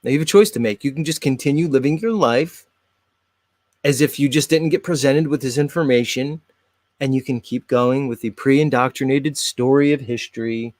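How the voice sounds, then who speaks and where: A man's voice: mid-range voice, moderate pace, darkish tone, dry recording. A man hosting his own show, chatting casually and talking straight to his viewers while he comments on videos. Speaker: host.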